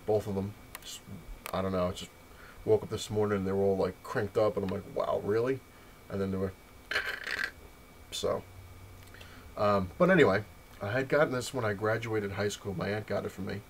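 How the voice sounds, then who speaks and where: A man's voice: fairly low pitch, fairly even intonation, normal speed, long pauses, background noise. A man casually vlogging about comic books, rambling and retelling conversations with lots of "I was like" asides. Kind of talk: casual vlog storytelling and comic review.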